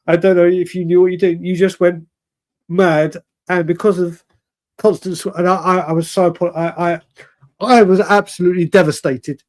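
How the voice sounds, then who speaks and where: A man in his forties telling a rambling, animated story in casual chat on a fan show. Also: high voice, moderate pace. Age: 40s. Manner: rambling, animated, self-correcting.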